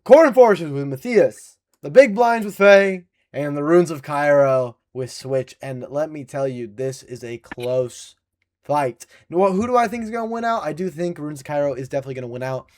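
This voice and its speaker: A man co-hosting an online league review show, chatting casually with jokes and quick restarts. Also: fairly high pitch. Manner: animated, jokey, trails off and restarts. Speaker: co-host. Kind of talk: casual podcast banter.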